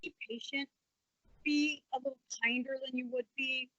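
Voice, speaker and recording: A woman in her sixties, a guest in a casual interview, who tells stories with animated delivery and acts out the voices of the people in them. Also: high-pitched, moderate pace, no room sound, lo-fi sound. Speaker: guest, former wrestler and actress.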